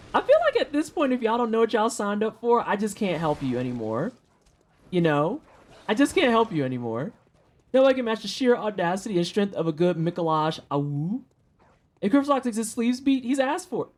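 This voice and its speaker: A streamer in their thirties from St. Louis, USA, banters with live chat during a game in a darkish, mid-range voice. The talk is joking, profane, slangy trash talk.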